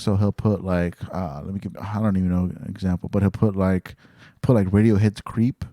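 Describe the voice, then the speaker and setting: A man's voice: deep voice, warm tone, no echo, studio quality. A man hosting his own podcast, talking casually in a rambling way with many fillers, restarts and casual swearing. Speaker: podcast host. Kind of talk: casual solo podcast talk.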